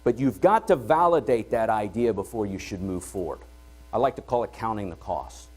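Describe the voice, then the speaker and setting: A middle-aged man hosting a conference, speaking to an audience in an energetic, conversational way and often checking in with "all right?". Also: lowish voice, normal speed, slightly rough. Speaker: event host and entrepreneur. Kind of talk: conference opening talk. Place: conference hall before an audience.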